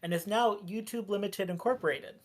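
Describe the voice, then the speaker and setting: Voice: medium pitch, brisk, natural voice. A game master voicing a polite, cheerful robot guide who speaks matter-of-factly about grim things, in a tabletop role-play.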